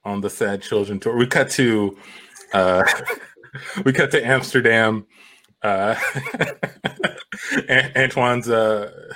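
A man joking as a podcast guest in a hesitant, deadpan way. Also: mid-range voice, drawn-out words, long pauses. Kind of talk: casual improv chat.

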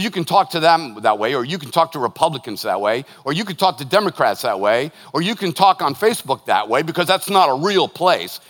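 A man, a pastor preaching a sermon, lively and joking as he tells stories to his congregation. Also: fairly high pitch. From northern United States. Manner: lively, joking, animated storytelling. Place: church hall. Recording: long hall reverb.

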